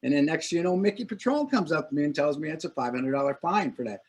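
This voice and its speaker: An older man telling animated anecdotes in a casual talk, acting out what people said. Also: a little high, fast, slightly rough. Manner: animated anecdote teller, acts out quotes. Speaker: longtime corps director. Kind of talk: casual storytelling.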